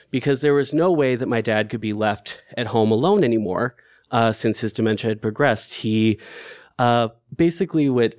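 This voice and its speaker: A man's voice: mid-range voice, darkish tone, no room sound, studio quality. A man telling a personal story in a candid, conversational way, with filler words and restarts.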